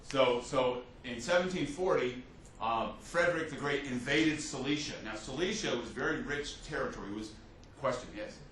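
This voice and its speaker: A man teaching a history class as a lecturer, telling the story with lively restarts and fillers. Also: medium pitch, moderate pace. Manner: animated storytelling with many restarts. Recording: echoey classroom from a distance, faint hiss.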